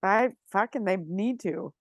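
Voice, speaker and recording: A woman's voice: mid-range voice, a little slow, dry recording. A woman in her thirties from Florida, a podcast co-host telling a story in casual chat, swearing freely and acting out the people she quotes. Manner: animated, profane, acts out quotes.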